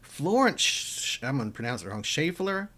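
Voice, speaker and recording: A man's voice: mid-range voice, big pitch swings, normal speed, sharp tone. A man from the Missouri Ozarks co-hosting a podcast, chatting casually with wry jokes. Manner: wry joking interjections. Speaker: podcast co-host. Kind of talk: casual chat.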